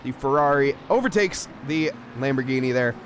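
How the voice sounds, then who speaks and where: A man's voice: medium pitch, lively intonation, moderate pace, slight background noise. An American man doing casual live sim racing commentary, joking and playfully mangling car names.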